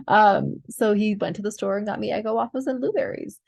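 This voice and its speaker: Chatty young woman with vocal fry. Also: mid-range voice, fairly even intonation, brisk, few pauses. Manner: chatty, many fillers, giggly. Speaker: podcast host sharing pregnancy updates. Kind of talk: casual chat to viewers.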